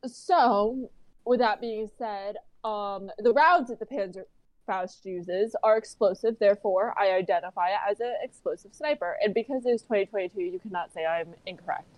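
A woman on a casual gaming podcast, explaining things in a deliberate, mock-serious way. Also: mid-range voice, dry recording, rough recording.

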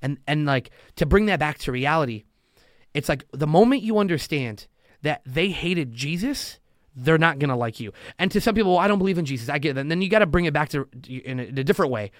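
In a dry, studio-quality recording, a male loan officer chats as a podcast guest, a little fast and with a fairly high, lively voice. His casual talk is full of stories, acted-out quotes and long motivational passages.

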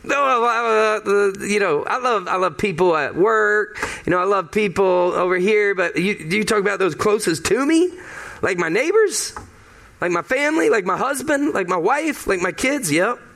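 A man's voice: high-pitched, animated, normal speed, vocal fry, fairly bright tone. A male pastor giving a conversational sermon, emphatic and fond of repeating key phrases.

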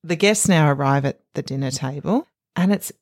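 A woman's voice: sits low, normal speed, a little mellow, no echo, studio quality. A woman co-hosting a casual recap podcast, chatty and laughing often. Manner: chatty, laughs often, reads out times like a list. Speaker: podcast co-host.

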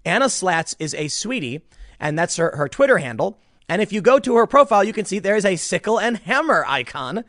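A man rants into a close microphone in a dead, dry room, his voice sitting a bit high for a man. His pitch swings widely as he stresses points, and he trips over his words, repeating and restarting as he pushes his argument. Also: fairly quick, dry recording. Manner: animated, emphatic, ranting with repeated restarts. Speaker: commentator. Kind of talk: casual online commentary.

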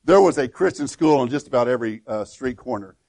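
A man's voice: mid-range voice, animated, fast, gravelly, a little mellow, no room sound. A middle-aged man pastor giving a conversational sermon, with frequent restarts and repeated words.

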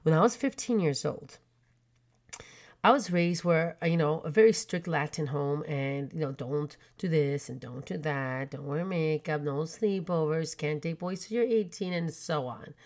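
A woman in her forties from Canada, telling personal stories in a chatty, animated way with many fillers. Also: sits low, moderate pace. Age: 40s. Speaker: podcast host. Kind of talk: storytelling chat.

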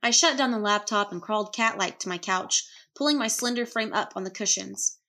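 A woman's voice: medium pitch, fairly quick, bright, forceful tone, dry recording. A woman narrating a first-person romance story in a chatty, wry manner.

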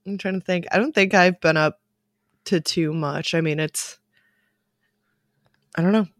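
A woman co-hosting a podcast, chatting in a relaxed, easygoing way with some hesitation. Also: on the low side, a little slow, no echo, studio quality. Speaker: podcast co-host. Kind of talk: casual chat.

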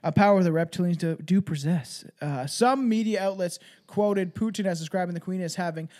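A man's voice: high voice, fairly quick, darkish tone. A man co-hosting a podcast in casual chat, sometimes reading a script aloud, giggly and profane. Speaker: podcast co-host.

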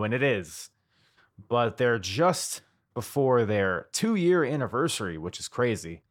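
Tipsy American podcast host, loose and profane, lively swinging pitch. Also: male voice. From United States. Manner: loose, swearing, jokey and rambling. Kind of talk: casual podcast chat.

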